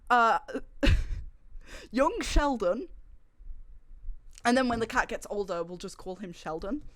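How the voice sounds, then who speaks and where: A young woman livestreamer chatting casually to her viewers, telling stories with animated sarcasm. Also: fairly high pitch, slow. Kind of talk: casual stream chat.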